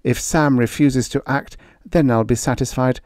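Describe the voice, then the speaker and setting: A man's voice: mid-range voice, steady tone, normal speed, a little mellow, no room sound, clean studio sound, voice pushed up, lightly acted. A man voicing an anxious young ranch wife who pleads urgently, in an audiobook reading. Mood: pleading.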